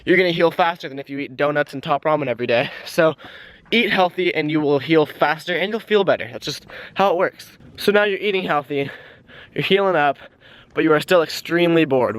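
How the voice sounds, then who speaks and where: A man's voice: a little high, fairly bright tone, no room sound. A young man vlogging casually while walking a trail outdoors, out of breath and rambling off on tangents as he talks into a handheld camera. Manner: rambling, easily distracted. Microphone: handheld camera aimed at his face.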